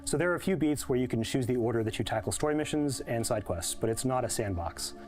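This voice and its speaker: A man's voice: medium pitch, animated, fast, a little mellow. A man, a game developer, explaining his game's story and structure in a prepared promotional interview. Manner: clear, explanatory, well-prepared.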